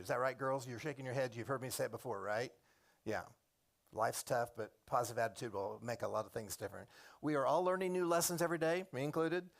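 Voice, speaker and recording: A man's voice: mid-range voice, creaky. A middle-aged man, a program coordinator and former teacher, giving a chatty, digressive classroom orientation and calling on students by name.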